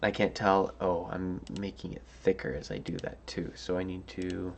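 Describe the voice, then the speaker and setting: Deep gravelly man coding aloud, slow. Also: flat delivery, slight background noise. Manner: musing, hesitant, many fillers and restarts. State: tired, yawning. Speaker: coding tutorial host. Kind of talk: thinking-aloud coding walkthrough.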